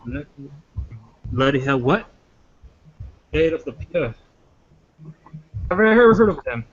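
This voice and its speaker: A man's voice: on the high side, sing-song, slow, breathy edge. A young man taking part as a player in a tabletop game, brash and swearing casually in character. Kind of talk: in-character tabletop role-play. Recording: dull lo-fi audio with faint noise.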